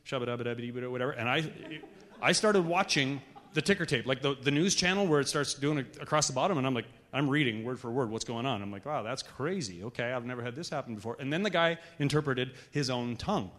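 A man leading a church gathering, teaching in a relaxed, conversational way. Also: mid-range voice, a little fast. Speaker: church leader. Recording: echoey hall reverb.

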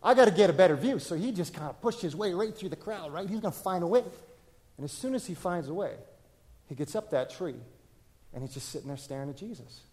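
A man, preaching a sermon to a congregation in a relaxed, conversational way, often asking them questions. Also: high-pitched, brisk. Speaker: pastor. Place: church, in front of a congregation.

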